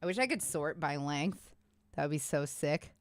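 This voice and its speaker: A woman's voice: sits low, animated, moderate pace, no echo. A woman streamer chatting casually with her viewers, rambling and a little winded. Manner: chatty, rambling, talks to chat. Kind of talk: casual live-stream chat.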